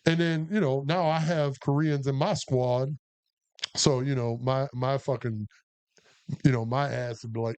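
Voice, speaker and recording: Profane, animated male army storyteller. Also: medium pitch, a little slow, clear, resonant tone. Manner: profane, animated, acts out quotes. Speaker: podcast co-host, army veteran. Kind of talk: casual storytelling.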